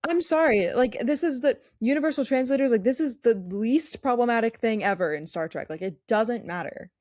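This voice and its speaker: A woman's voice: fairly high pitch, brisk, darkish tone, dry recording, clean studio sound. Fired-up young woman co-host. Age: young adult. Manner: emphatic, fired-up ranting. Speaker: podcast co-host. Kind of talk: casual podcast chat.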